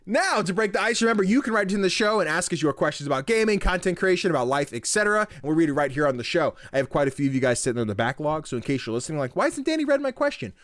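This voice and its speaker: A man's voice: fairly high pitch, rapid-fire, few pauses, a bit bright, no echo. A young man hosting a casual gaming podcast, joking and swearing freely as he chats. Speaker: podcast host.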